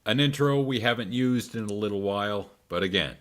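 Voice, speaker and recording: A man's voice: medium pitch, brisk, background noise. A man hosting a podcast, trading jokes and teasing the others in casual chat. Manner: joking, teasing. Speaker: podcast host.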